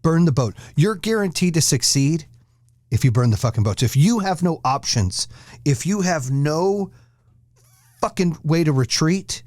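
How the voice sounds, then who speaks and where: Foul-mouthed ranting podcast host, dry sound. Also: male voice, on the high side, lively intonation, unhurried, darkish tone, no echo. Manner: blunt, aggressive, swears constantly. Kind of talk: profane ranting monologue.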